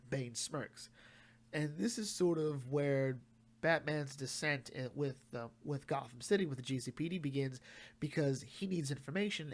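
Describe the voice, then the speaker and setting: A man casually reviewing and recapping a comic run, chatting loosely and acting out the characters' lines. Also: mid-range voice.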